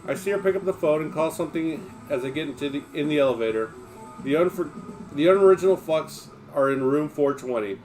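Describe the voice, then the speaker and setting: A man's voice: fairly high pitch, expressive, brisk, darkish tone, soft background music. A man reading a memoir aloud on a livestream, in an emphatic, blunt manner with plenty of swearing.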